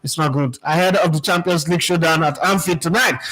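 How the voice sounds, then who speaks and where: A man from Nigeria with a Nigerian accent, hosting a sports channel in casual opinion commentary, asking rhetorical questions and often jumping up in pitch. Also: fairly quick, bright, forceful tone.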